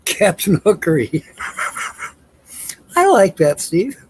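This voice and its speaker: A man's voice: sits high, very animated, drawn-out words, breathy edge, low-quality recording. A tired man hosting a casual livestream, telling jokes and reading viewer comments aloud with frequent chuckles. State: tired, yawning. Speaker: livestream host.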